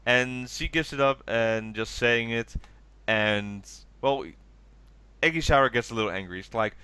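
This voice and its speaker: Tired, rambling man with a bright clear voice. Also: mid-range voice, unhurried, no room sound. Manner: rambling, acts out quoted lines in raised voices. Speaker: podcast co-host. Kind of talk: casual chat recapping a TV special.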